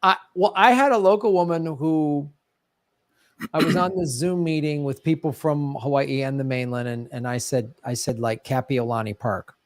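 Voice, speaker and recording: A man with a Chicago accent chats casually on a podcast, spinning anecdotes and laughing as he goes. His voice sits a little high. The sound is dry and close to the mic. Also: normal speed, dry recording. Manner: chatty storyteller, laughs often. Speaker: podcast co-host. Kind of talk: casual chat.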